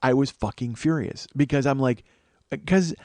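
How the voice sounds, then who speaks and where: A man's voice: medium pitch, moderate pace, darkish tone, no room sound. A man hosting a comedy podcast, telling a long personal story in a profane, self-deprecating and emphatic way. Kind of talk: storytelling monologue.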